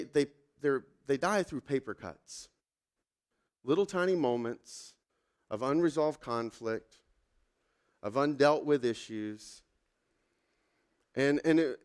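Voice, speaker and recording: A pastor in his thirties giving a conversational, self-deprecating sermon with many fillers and asides. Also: medium pitch.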